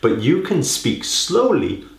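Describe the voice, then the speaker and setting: A public speaking coach talks slowly to the camera, his pitch swooping wildly as his voice echoes around the room. He coaxes his audience along, filling his teaching with rhetorical questions and "right?".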